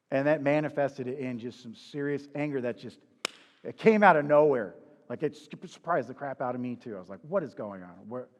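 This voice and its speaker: A man's voice: mid-range voice, big-room sound. A man preaching in a conversational, confessional way, asking the listener rhetorical questions. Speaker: pastor. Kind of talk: sermon.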